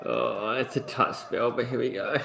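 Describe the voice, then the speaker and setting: A man's voice: mid-range voice, moderate pace, vocal fry, echoey room, noisy background. A man playing in a tabletop game, animatedly describing his actions. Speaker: player. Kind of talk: casual tabletop play.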